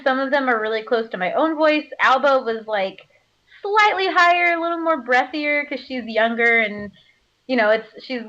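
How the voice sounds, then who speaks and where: A woman's voice: a little high, fairly bright tone. A woman voice actor chatting casually in an interview, bubbly, laughing often and using plenty of filler words. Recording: slightly muffled audio.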